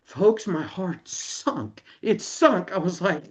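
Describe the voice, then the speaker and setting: A man's voice: sits high, expressive, takes it slowly. A man leading an online company announcement for his members, earnest and emotional, repeating himself for emphasis. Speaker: company founder addressing members.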